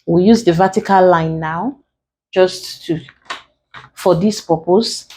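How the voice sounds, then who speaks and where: A woman's voice: fairly low pitch, slow pace, dark tone, slight background noise. A woman teaching an exam lesson, explaining rules patiently step by step. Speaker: English exam tutor. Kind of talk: recorded classroom lesson.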